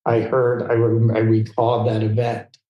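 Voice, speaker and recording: A man guest in an interview, telling a personal story in fast, tumbling anecdotes full of restarts. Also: mid-range voice, monotone, highs cut off. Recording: roomy echo.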